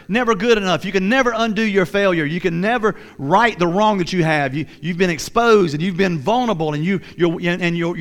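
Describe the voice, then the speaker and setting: A man's voice: sits high, a bit bright, smooth. A man preaching a sermon, earnest and repetitive, often voicing the thoughts of a guilty listener. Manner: earnest, repetitive, acts out inner voices. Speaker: pastor.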